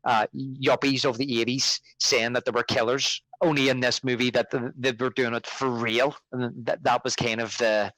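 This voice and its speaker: A man's voice: mid-range voice, flat delivery, moderate pace, few pauses, a bit bright, dry recording, poor audio. A man co-hosting a podcast, casually and animatedly retelling film scenes. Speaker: podcast co-host.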